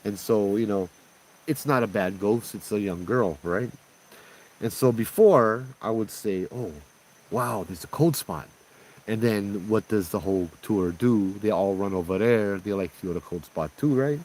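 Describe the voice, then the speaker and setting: A man, working as a ghost tour guide and telling a ghost story in a relaxed, conversational way. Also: lowish voice, moderate pace, a little hiss or hum, low-quality recording. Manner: relaxed, conversational, often asks "right?" and "you know?". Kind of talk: casual spoken ghost story.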